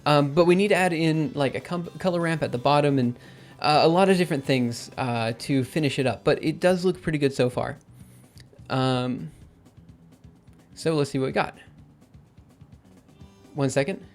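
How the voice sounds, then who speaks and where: A man's voice: fairly high pitch, moderate pace, pauses often, faint music behind. Young man live coding, thinking aloud. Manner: thinks aloud with many fillers and self-corrections. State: losing his voice. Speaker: livestreaming programmer. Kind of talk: casual live coding commentary.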